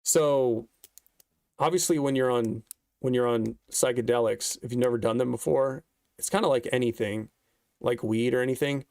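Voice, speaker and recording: A man's voice: mid-range voice, normal speed, gravelly, a little mellow, dry recording, clean studio sound. A young man telling a rambling story in casual vlog style, profane and laid-back, with lots of fillers. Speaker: vlogger.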